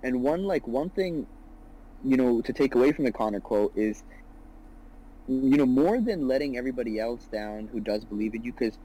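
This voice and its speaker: A young man in his twenties chatting on a podcast about his own venture. His voice is mellow and a little husky, and he talks earnestly, circling back on himself and tagging his points with "you know" and "right". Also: mid-range voice, animated, moderate pace, rough recording. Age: 20s. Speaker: business founder guest. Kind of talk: casual podcast conversation.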